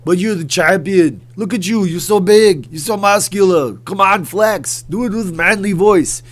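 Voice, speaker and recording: A man doing an impression of a famous bodybuilder turned action star, loud and teasing. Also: high voice, measured pace, voice pushed up. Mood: mocking.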